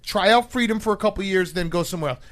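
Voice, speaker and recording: A man co-hosting a podcast, excitable and emphatic in casual chat. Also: sits high, rapid-fire. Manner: excitable, emphatic, laughs often. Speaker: podcast co-host.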